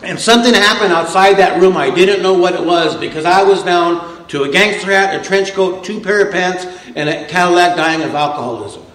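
A man's voice: sits high, brisk, hardly any pauses, a bit bright, reverberant, rough recording. A man telling a humorous recovery story to a meeting audience, with a wisecracking, tough-guy delivery. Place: meeting room with a live audience.

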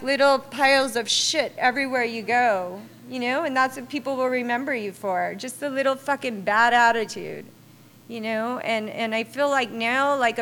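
A woman's voice: on the high side, a bit bright, a little hiss or hum. Candid, swearing woman sharing her story. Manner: candid, swears often, many fillers. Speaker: meeting speaker. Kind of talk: personal recovery share.

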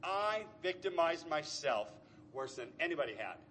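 A man's voice: fairly high pitch, big pitch swings, moderate pace, fairly bright tone, slight background noise. A middle-aged man giving an earnest, emotional personal recovery share. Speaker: speaker at a recovery meeting.

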